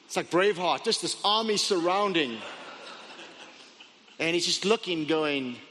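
A man's voice: high voice, normal speed, sharp tone, big-room sound, slight background noise. A man preaching a sermon, retelling a story with dramatic asides and stammered restarts. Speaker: pastor.

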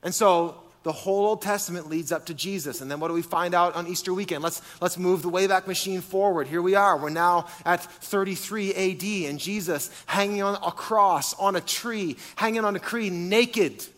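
High-voiced preacher in a reverberant hall. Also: male voice, moderate pace. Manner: animated, with rhetorical questions to the congregation. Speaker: pastor. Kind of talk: sermon.

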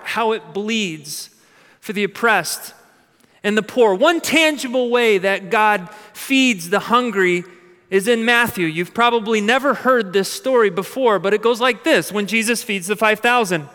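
A man preaching a sermon, telling stories with lively repeated stammered starts, jet lagged and emotional. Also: high voice, measured pace. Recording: long hall reverb.

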